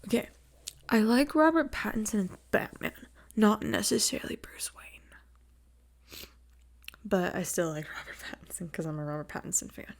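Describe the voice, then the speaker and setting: Young woman, mid-pitched voice, podcast host, casual chat, gushing, laughs often, casual swearing. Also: sing-song, moderate pace, gravelly, long pauses, in a whisper. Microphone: new desk mic without windscreen.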